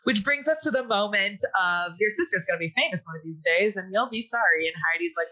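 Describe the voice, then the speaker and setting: A woman's voice: medium pitch, expressive, fairly quick, hardly any pauses, bright, forceful tone, low-quality recording. A woman hosting a casual podcast, recapping a movie in a chatty way, laughing often and briefly acting out the characters' lines. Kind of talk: casual chat.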